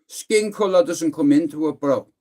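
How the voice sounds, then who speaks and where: Speaking at a normal speed in a slightly high, darkish voice, a middle-aged Irishman with a Dublin accent hosts a livestream. The chat is casual, and his manner is blunt, sweary and rambling, with "listen" cropping up repeatedly.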